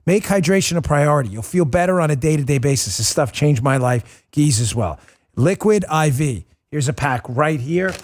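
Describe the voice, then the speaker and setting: A male political talk-show host with a somewhat high voice for a man. He talks fast and combatively, with a sarcastic edge, pushing his points hard. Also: lively intonation.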